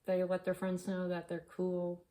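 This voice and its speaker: A woman's voice: lowish voice, monotone, normal speed, background noise. A woman hosting a casual comedic cooking chat at home, joking and playfully mock-dramatic. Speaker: host.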